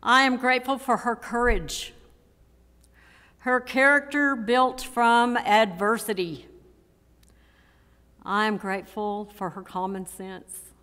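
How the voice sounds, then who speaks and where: A woman in her sixties gives a memorial eulogy for her mother in a church, speaking in an emotional, measured way with repeated phrases. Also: fairly high pitch, steady tone, a bit bright. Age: 60s. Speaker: daughter giving a eulogy. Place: church sanctuary. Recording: long church hall reverb.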